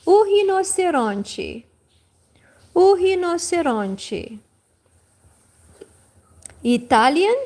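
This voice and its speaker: A woman teacher speaks very slowly, sounding out each word with care and saying it twice. Her voice is high and lively, rising and falling a lot. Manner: slow, careful pronunciation with each word said twice. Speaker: language teacher. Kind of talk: slow repeat-after-me vocabulary lesson.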